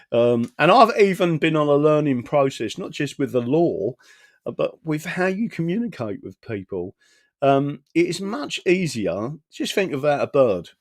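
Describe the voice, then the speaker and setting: A man's voice: medium pitch, a little mellow, no room sound. A man talks in a casual, rambling live-stream monologue from his own small studio. He swears freely, keeps tagging "right?" onto his sentences and chuckles between phrases. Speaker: political activist streaming.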